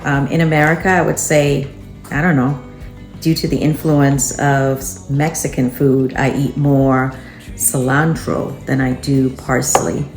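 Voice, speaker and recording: Her voice rumbles low with little pitch movement, unhurried as she chops and talks to herself in a chatty, reflective way. She's a home-kitchen cooking vlog host, heard in an echoey room with background music.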